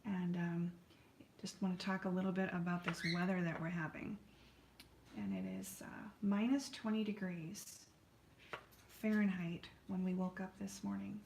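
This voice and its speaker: A woman's voice: fairly low pitch, lively intonation, moderate pace, darkish tone, roomy sound, slight background noise. An American woman hosting a live painting stream from her art studio, chatting and rambling in a friendly way to viewers as she paints. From United States.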